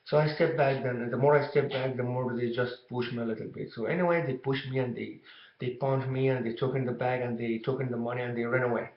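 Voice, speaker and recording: A young man tells a story from his childhood in a flat, level voice. He rambles and restarts, filling gaps with "you know". The recording is dull and roomy, with a noticeable echo. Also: mid-range voice, fast. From Egypt. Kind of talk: casual storytelling to camera. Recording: dull, echoey room recording.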